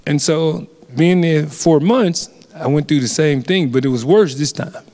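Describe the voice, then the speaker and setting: A man's voice: a little high, darkish tone. Earnest man recounting a story in a hall. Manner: earnest, halting, repeats phrases. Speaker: community forum speaker. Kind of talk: personal storytelling. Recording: reverberant hall.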